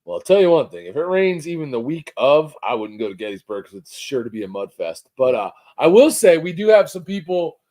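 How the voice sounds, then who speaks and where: A man's voice: fairly high pitch, sing-song, brisk, few pauses, mellow. A man co-hosting a casual live stream about motorcycle rallies, joking and teasing as he talks. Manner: joking, teasing, loose swearing. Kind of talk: casual chat.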